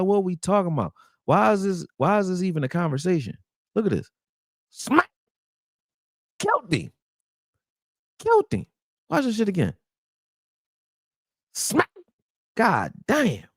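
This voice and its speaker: A man's voice: a little high, no room sound, clean studio sound. A young man hosting a casual, profane breakdown of football game film, talking straight to his viewers. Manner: animated, profane, exasperated, talks to viewers as y'all. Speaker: sports channel host breaking down game film. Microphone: close desktop mic, screen sharing.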